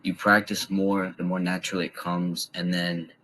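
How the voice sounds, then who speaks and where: A young man giving casual voice tips in a relaxed, rambling way with lots of fillers. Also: sits low, normal speed, a little hiss or hum, rough recording. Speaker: voice tips vlogger. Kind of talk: casual instructional talk.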